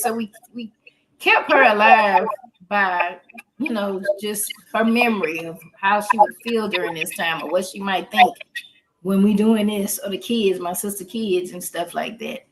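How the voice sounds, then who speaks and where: A woman's voice: medium pitch, unhurried, fairly bright tone, a little hiss or hum. A woman therapist talking casually on a podcast, explaining things in an earthy, joking way.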